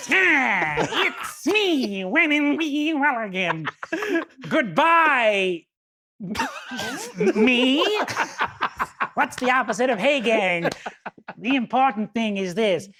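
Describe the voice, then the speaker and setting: A woman's voice: fairly high pitch, lively intonation, slow pace, pauses often, pushed and bright, exaggerated voice. A woman putting on a smug, bratty villain. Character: smug, contrary male villain.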